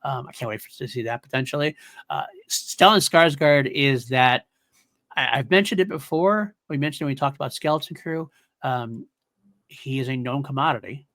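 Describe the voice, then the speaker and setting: A man's voice: mid-range voice, a bit bright, no room sound. Male podcast host, casual and rambling, mid-range voice, dry close sound. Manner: enthusiastic, rambling, laughs often. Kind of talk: casual chat.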